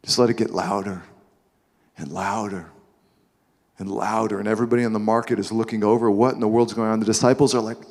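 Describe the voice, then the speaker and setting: A man's voice: lowish voice, steady tone, a little fast, darkish tone. A male preacher telling a Bible story dramatically, with asides, in a large sanctuary. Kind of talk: sermon. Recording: long hall reverb.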